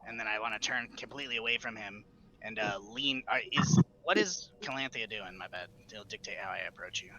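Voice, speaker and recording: A man's voice: lowish voice, brisk, bright, forceful tone, low-quality recording. A man playing a tabletop game in casual chat, blunt and crude with swearing.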